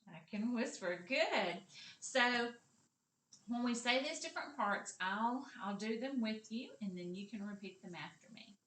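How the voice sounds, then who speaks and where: Kindergarten teacher, woman, unhurried and lively in pitch, whispering some words, recorded in a roomy space. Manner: slow, encouraging, sing-song teacher voice with whispered parts. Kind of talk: kindergarten literacy lesson. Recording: echoey room.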